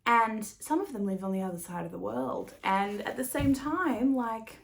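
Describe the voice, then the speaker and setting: A woman's voice: on the high side, expressive, moderate pace, gravelly. A woman hosting a knitting podcast in a casual, rambling chat, laughing often and swearing now and then. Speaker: podcast host.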